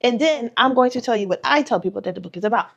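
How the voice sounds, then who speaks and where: A woman's voice: fairly high pitch, animated, fast talker, gravelly, noisy background. A woman author giving a casual vlog tutorial, retelling a story animatedly with quoted voices.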